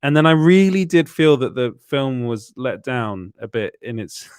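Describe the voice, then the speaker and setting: A man's voice: mid-range voice, very animated, moderate pace, smooth, no room sound, clean studio sound. A man co-hosting a casual panel chat, stumbling and restarting often and laughing between thoughts. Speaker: co-host. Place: home studio on a live stream.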